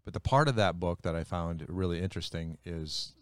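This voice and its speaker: A man's voice: low voice, brisk, clear, resonant tone, dry recording. A man who is a pastor and co-host, talking in a folksy, joking way with lots of restarts in a casual podcast chat.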